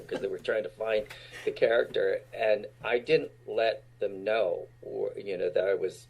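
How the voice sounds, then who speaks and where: Guest actor, sixties, from Utah: husky, low voice, laid-back anecdotes punctuated by laughter. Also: male voice, unhurried, a little mellow. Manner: laughs often while recounting stories. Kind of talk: casual storytelling.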